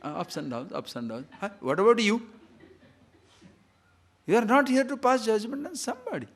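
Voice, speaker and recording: A spiritual teacher with a high-sitting voice, lively intonation, and moderate pace lectures on scripture. He chants Sanskrit verses and acts out examples, swinging between loud and hushed.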